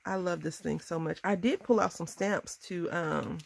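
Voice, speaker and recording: A woman in her thirties chatting casually through a crafting tutorial, bubbly and quick to laugh at herself. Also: on the low side, vocal fry, slight background noise. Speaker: crafting vlogger.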